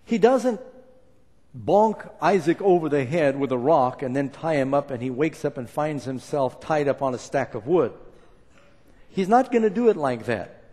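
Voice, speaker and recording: A man preaching a sermon, retelling a story with dramatic swings between loud and hushed lines and acted quotes. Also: fairly high pitch, animated, moderate pace. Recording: reverberant hall.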